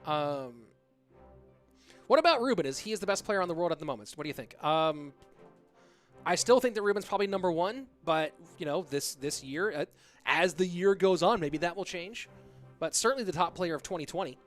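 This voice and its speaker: An expressive, fairly bright, high-sitting voice belongs to a man in his thirties who casts a live online match and chats with viewers. He's brisk, casual and chatty, reading donations aloud over soft background music.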